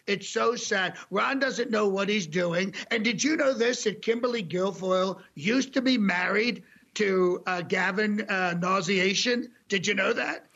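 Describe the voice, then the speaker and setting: Guy doing a bragging rambling president bit, highish gravelly voice, kinda muffled lo-fi sound. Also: unhurried, hardly any pauses, sharp tone, full character voice. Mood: boastful. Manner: bragging, rambling, name-calling. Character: boastful older male president, brash and rambling. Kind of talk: comedy impression interview.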